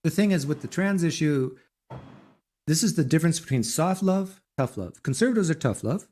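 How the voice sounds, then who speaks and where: A man's voice: on the high side, lively intonation, moderate pace, a little mellow. A man giving an opinionated monologue in a preachy way, repeating his points.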